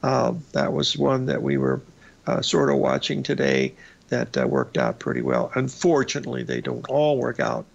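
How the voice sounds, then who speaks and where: A male radio host giving casual market commentary over charts, folksy and rambling, with a raspy voice and lots of "uh" and "folks". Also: medium pitch, big pitch swings, normal speed. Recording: slightly dull lo-fi broadcast audio.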